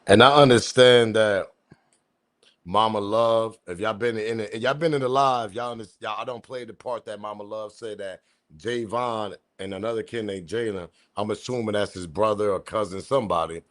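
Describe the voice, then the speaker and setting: A man's voice: lowish voice, steady tone, moderate pace, fairly bright tone. A man from the US East Coast with his accent, hosting a casual live-stream commentary with slangy, loose talk and chuckling asides to his chat. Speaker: commentary channel host.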